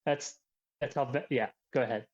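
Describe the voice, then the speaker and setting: A man in a casual tabletop role-play session, describing his character in a stammering, halting way. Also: medium pitch, steady tone, darkish tone, dull audio. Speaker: player.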